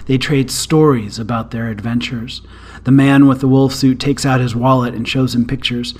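A man narrating a short story aloud in a calm, even storytelling manner. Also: medium pitch, normal speed.

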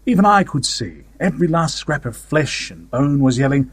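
A man's voice: on the high side, very animated, moderate pace, breathy edge, no room sound. A man reading a story aloud in a wry, conversational first-person manner. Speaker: story narrator. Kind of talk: audiobook fiction reading.

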